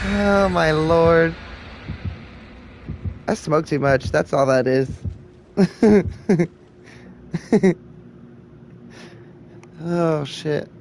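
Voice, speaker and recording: A woman's voice: deep voice, very slow, creaky, long pauses, mellow, slight background noise. A woman streaming a game and chatting casually with friends, swearing freely and laughing often. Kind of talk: casual gaming stream chat.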